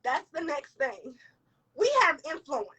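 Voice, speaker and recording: A woman's voice: high-pitched, very animated, unhurried, pushed and bright, distant mic, rough recording. A young woman vlogger giving an emotional motivational talk, tearful and sniffling, repeating lines for emphasis. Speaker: vlogger and entrepreneur.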